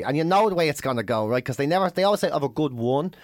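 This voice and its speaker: A man's voice: high-pitched, fast, few pauses, no echo, studio quality. Sweary Irish man telling stories. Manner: sweary, animated storytelling with put-on voices. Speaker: podcast co-host, comedian. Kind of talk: casual banter.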